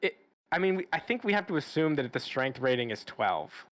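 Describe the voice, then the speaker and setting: A man's voice: fairly high pitch, big pitch swings, fairly bright tone, no echo. Dry-sounding man running a tabletop game. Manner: casual, halting with restarts and fillers. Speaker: game master.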